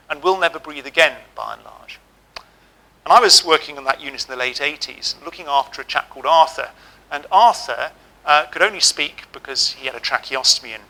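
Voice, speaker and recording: A middle-aged man giving a keynote speech, telling lively, humorous stories. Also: on the high side, low-quality recording. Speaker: keynote speaker. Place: auditorium.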